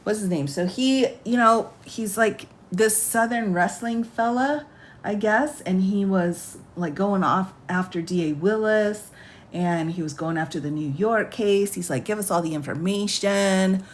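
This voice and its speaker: A woman's voice: mid-range voice, a little slow. A woman attorney explaining law on a phone livestream in a chatty way. She laughs often and reads legal text aloud.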